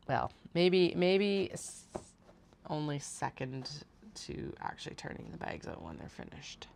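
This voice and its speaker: A woman's voice: deep voice, vocal fry, slight background noise. A woman hosting a casual sewing livestream from a home workroom, thinking aloud and poking fun at herself. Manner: chatty, thinks aloud, self-mocking. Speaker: host, bag maker.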